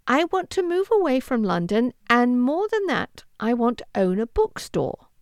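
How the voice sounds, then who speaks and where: A woman's voice: sing-song, normal speed, clear, resonant tone, no echo, studio quality. A woman reading an audiobook, voicing a determined young woman of twenty-four in an earnest, pleading tone. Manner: earnest and pleading, higher and brighter than the narration. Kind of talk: audiobook character voice.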